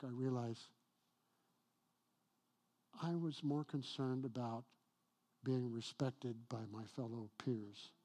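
A middle-aged male pastor tells a personal story while preaching a sermon. His husky, mid-range voice swings from hushed tones to loud, emphatic ones.

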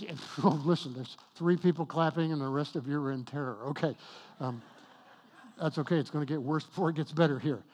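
High voiced guy preaching, punchy and slow on the big points, teasing the crowd a bit. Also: a little mellow. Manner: emphatic, slows and rises on key points, jokes with the congregation. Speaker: pastor. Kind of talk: sermon. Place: church with congregation.

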